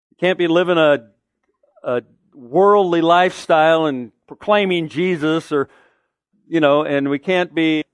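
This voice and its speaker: A man's voice: on the high side, no room sound, studio quality. A middle-aged man preaching a sermon as pastor, earnest and conversational, asking the listeners pointed rhetorical questions.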